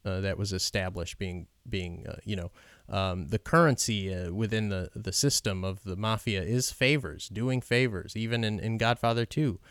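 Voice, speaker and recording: A man talks over a film in an unscripted commentary, stopping and restarting often with plenty of ums. His voice sits a bit low and sounds clean and smooth. The sound is dry, with no room around it. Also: fairly even intonation, fairly bright tone, no room sound. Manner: halting, many ums and restarts, admiring.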